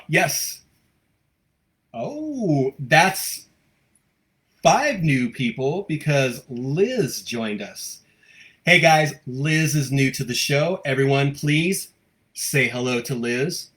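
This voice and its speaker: A man with an American accent hosts a live stream from home, greeting viewers and reading their comments out loud. He talks quickly and stays upbeat and gushing, and his voice sits at a middle pitch. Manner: fast-talking, upbeat, gushing. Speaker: host of a local live show.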